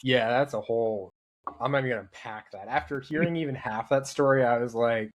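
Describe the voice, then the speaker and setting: A man's voice: mid-range voice, brisk. A young man in casual podcast chat, joking and rambling as he goes. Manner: joking, rambling, self-interrupting. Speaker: podcast guest.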